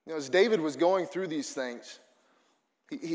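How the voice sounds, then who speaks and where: A man's voice: on the high side, normal speed, long pauses, big-room sound. A man preaching a sermon to his congregation, earnest and building to fervent emphasis. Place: church auditorium.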